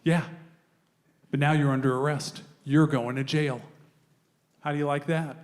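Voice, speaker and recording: A man's voice: a little high, steady tone, measured pace, natural voice. A man doing stand-up, voicing a petty male bicycle cop who gloats with childish insults. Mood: gloating.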